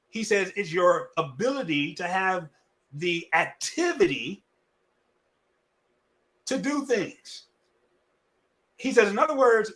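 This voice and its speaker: Male pastor, animated sermon, somewhat high voice, folksy and repetitive, moving between loud and hushed. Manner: lively preaching with wide swings between loud and hushed.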